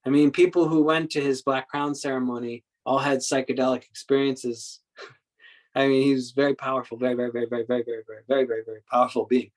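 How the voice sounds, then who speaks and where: A man giving a Buddhist dharma talk as a meditation teacher, telling stories in a halting way with many repeated words and acting out quoted speech. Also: medium pitch, little pitch movement, poor audio. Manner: acts out quoted speech in the story.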